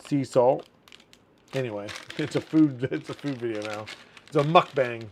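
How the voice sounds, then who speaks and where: A man in his thirties hosting a casual livestream chat, reading viewer comments aloud and laughing often. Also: mid-range voice. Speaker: community manager hosting a livestream.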